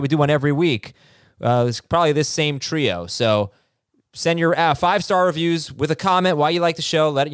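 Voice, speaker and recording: A man hosting a podcast, reading listener questions in a relaxed, teasing way with plenty of fillers. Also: fairly high pitch, clear, resonant tone, no room sound, clean studio sound. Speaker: podcast host. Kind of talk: casual chat.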